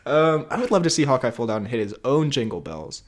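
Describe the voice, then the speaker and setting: Animated jokey young man. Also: medium pitch, quick pace. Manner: laughs often, rambling and jokey. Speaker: podcast co-host. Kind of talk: casual chat.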